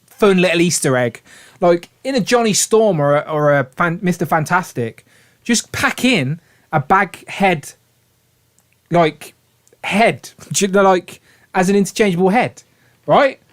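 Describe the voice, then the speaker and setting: British man, somewhat high voice, enthusiastic rambling live-stream host, casual chat. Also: expressive, measured pace. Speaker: livestream host.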